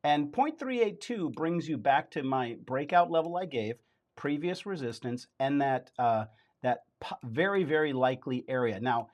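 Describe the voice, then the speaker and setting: A man's voice: mid-range voice, expressive, moderate pace, a little mellow. Man explaining stock charts step by step. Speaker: co-host chart analyst.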